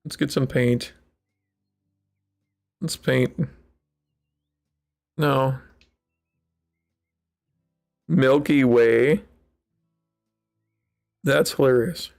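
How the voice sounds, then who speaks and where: A man with a gravelly, fry-tinged voice talks slowly through a casual game session. He rambles wryly and plays up his disappointment in mock-dramatic fashion. Soft game music plays faintly behind him. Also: medium pitch, fairly even intonation. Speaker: gaming channel host. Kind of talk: casual let's-play commentary.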